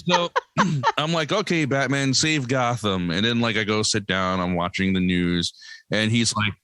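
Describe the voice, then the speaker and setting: A man who is a guest on a podcast tells a family story in a casual, animated way, laughing often and acting out what people said. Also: medium pitch, unhurried, clean tone, no echo. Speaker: podcast guest, comic creator and single dad.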